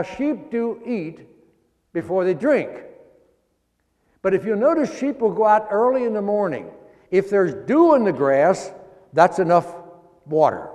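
High-pitched guy preaching a folksy sermon, long echo like a big church. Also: a little mellow. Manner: explanatory, folksy, slows down to stress scripture. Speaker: pastor.

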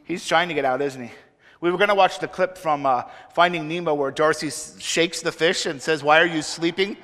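A man's voice: fairly high pitch, a little fast, a bit bright. A man giving a children's sermon in a church, playfully asking the children many questions. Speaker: children's minister. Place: church sanctuary. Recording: reverberant church hall.

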